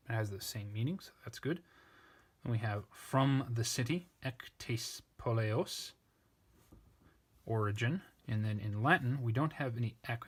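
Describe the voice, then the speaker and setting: Man, fairly low pitch, parsing lesson, thinking aloud, methodical. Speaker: language tutor.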